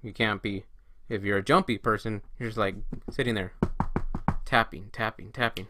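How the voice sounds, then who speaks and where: A man's voice: on the low side, steady tone, normal speed, pushed and bright, slight background noise. A man talking casually as a trading coach, often acting out inner voices and quoted friends. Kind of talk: casual solo talk to camera.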